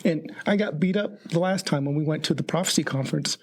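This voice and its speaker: A man co-hosting a podcast, speaking earnestly and haltingly, often repeating words. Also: on the high side. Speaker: podcast co-host. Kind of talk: casual chat.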